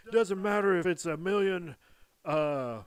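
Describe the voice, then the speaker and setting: A man's voice: sits high, measured pace, clear, resonant tone. A man doing an impression of a cocky male wrestler who keeps pressing the same question. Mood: grandstanding.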